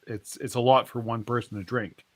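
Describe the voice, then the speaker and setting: A man's voice: mid-range voice, steady tone, moderate pace, pitched below the performer's own voice, close to an everyday voice. A man voicing an easygoing male bartender, told inside a joke in a casual way.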